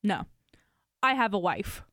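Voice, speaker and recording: Animated storytelling woman, swears freely. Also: on the high side, moderate pace, dry recording, studio quality. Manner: animated storytelling, acts out quotes, swears, laughs often. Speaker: podcast co-host telling a story. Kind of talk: casual chat.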